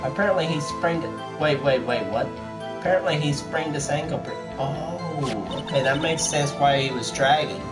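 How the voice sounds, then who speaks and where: A man's voice: a little high, moderate pace. A man casually commenting on a game he plays, joking crudely and laughing often. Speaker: let's play host. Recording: game music underneath.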